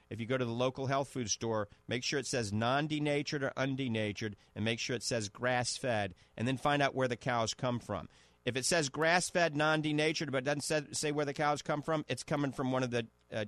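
A man hosting a radio health show, pitching products and repeating prices and names. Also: a bit bright, dry recording.

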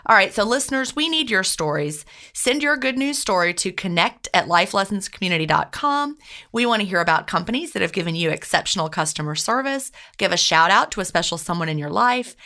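Chatty woman with a gravelly voice. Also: lowish voice. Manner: warm, chatty, lots of restarts. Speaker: podcast co-host. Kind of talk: casual podcast chat.

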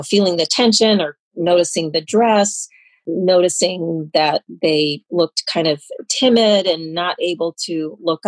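A woman with a somewhat low voice answers interview questions in an earnest, explanatory manner. She stops now and then to make sure her point is understood. The recording is dry and close. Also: no room sound, poor audio. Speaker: anti-trafficking expert guest.

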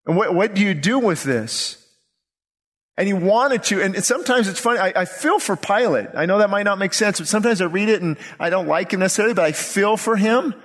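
High-voiced preaching man in a reverberant hall. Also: a little fast. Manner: animated preaching, acts out quoted voices. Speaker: pastor. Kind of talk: sermon. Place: church sanctuary.

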